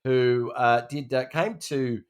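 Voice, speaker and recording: A man presenting a podcast segment in a relaxed, rambling way. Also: medium pitch, takes it slowly, clean tone.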